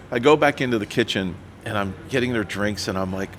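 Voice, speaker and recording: A man as a podcast guest, telling his life story in an animated, self-deprecating way and acting out what people said. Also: on the low side, fairly quick, a little hiss or hum. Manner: animated storyteller who acts out his own quotes. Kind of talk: storytelling interview.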